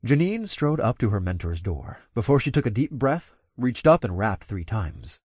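A man giving steady, conversational first-person audiobook narration. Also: mid-range voice, moderate pace, breathy edge, no echo, clean studio sound.

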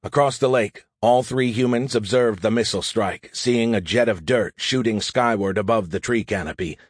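A man narrating a military sci-fi audiobook in a steady, vivid storytelling manner. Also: lowish voice, moderate pace, husky, no echo, studio quality. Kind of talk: scripted narration.

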